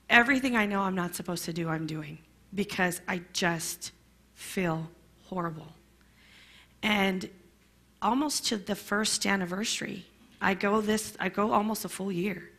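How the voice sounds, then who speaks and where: A middle-aged woman telling her personal story to a class in a candid, emotional, halting way. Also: fairly low pitch, gravelly, fairly bright tone, breathy edge. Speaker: bereaved mother sharing her story.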